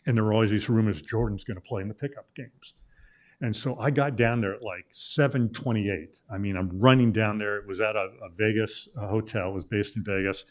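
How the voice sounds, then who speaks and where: A middle-aged man from Illinois, a sports journalist appearing as a guest, tells a long anecdote in a relaxed, casual way. His voice sits on the low side, and he fills his pauses with "uh" and stumbles into restarts as he goes. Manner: rambling anecdote with many "uh" fillers and restarts. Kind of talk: casual storytelling in a talk interview.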